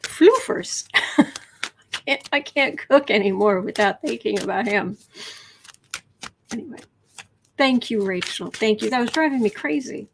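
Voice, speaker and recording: A woman's voice: on the high side, normal speed, vocal fry, pauses often, slight background noise. A woman doing a casual tarot reading on a livestream, chatty and rambling, sometimes dropping into whispered asides. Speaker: tarot reader.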